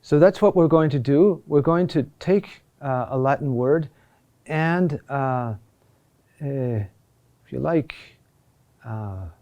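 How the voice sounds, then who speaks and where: Slow-talking guy teaching chant, mellow voice, keeps going "huh?". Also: medium pitch, dull audio. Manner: slow and explanatory, checks in with "huh?". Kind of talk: recorded lesson on Latin chant.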